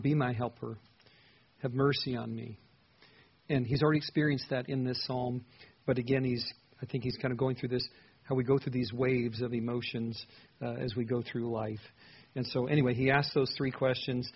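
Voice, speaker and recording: A man with a somewhat husky voice preaches a sermon in a relaxed, conversational way. He walks through a psalm and speaks its prayers aloud as if in the writer's own voice. The recording sounds slightly dull and lo-fi. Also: medium pitch. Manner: conversational Bible teaching, voicing the psalmist's prayers with rising emotion. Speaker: pastor.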